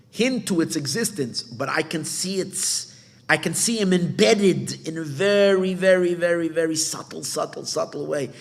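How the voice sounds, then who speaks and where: In a recording with long hall reverb, a rabbi earnestly explains Torah to his class, frequently starting his phrases over and weaving in Hebrew words. His voice is medium in pitch and a bit bright.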